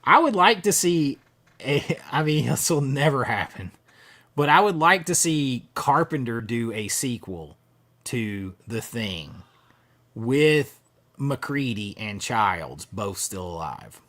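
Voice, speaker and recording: He speaks slowly in a medium-pitched, slightly bright voice with big pitch swings. Hosting a casual horror movie livestream, he reads viewer comments and rambles with fillers and restarts.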